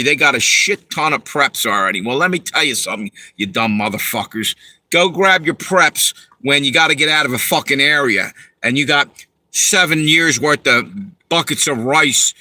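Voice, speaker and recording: Profane ranting man with a bright voice. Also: mid-range voice, no echo, rough recording. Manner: profane, heated, talks to viewers. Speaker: livestream host reading chat. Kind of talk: angry ranting livestream.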